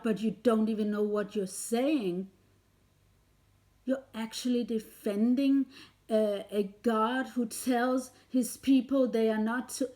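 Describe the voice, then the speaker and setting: A woman's voice: a little high, a little mellow. Angry, swearing woman vlogger. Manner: heated, confrontational, swears often. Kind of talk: angry direct-to-camera rant.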